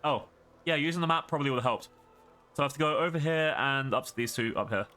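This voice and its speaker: Bright-voiced man chatting while streaming a game. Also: medium pitch, fast talker, soft background music. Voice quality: rambling, chatty, laughs often. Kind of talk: casual livestream gaming commentary.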